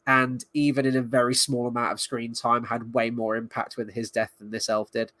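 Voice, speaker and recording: A man's voice: mid-range voice, little pitch movement, moderate pace, a bit bright, no echo. A man giving a casual spoken review of a series, blunt and sarcastic, swearing freely as he picks apart its writing. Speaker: show reviewer.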